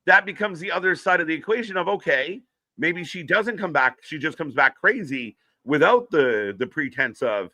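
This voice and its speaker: A man's voice: on the high side, expressive, normal speed, bright, forceful tone, no echo. A man co-hosting a live wrestling watch-along, chatting casually, swearing and reading out viewers' names. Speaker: co-host.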